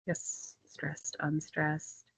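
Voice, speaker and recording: A woman taking part in an online workshop on a video call, speaking quietly, slowly and hesitantly. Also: sits low, completely flat delivery, gravelly, slightly rough, no echo. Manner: slow and hesitant, quietly reading out stresses. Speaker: workshop participant.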